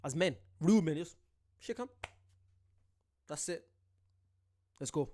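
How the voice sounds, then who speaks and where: A British man hosting a casual reaction video, excitable, laughing often and talking straight to his viewers. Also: fairly high pitch, slow pace.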